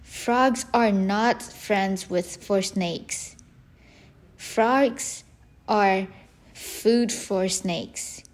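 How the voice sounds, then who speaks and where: A woman acting as a stern mother frog who scolds her child. Each word comes out slow and stressed, as if she is laying down a firm rule in a storybook. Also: mid-range voice. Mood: alarmed scolding.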